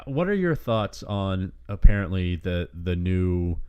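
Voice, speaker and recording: A man's voice: deep voice, big pitch swings, measured pace, smooth, highs cut off. A man co-hosting a wrestling podcast, talking casually, swearing often and rambling with enthusiasm. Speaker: podcast co-host.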